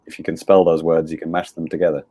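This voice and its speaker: A man's voice: a bass voice, level tone, fast talker, warm tone, breathy edge, dry recording. A man co-hosting a casual podcast, teasing the others with sarcastic remarks. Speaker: podcast co-host.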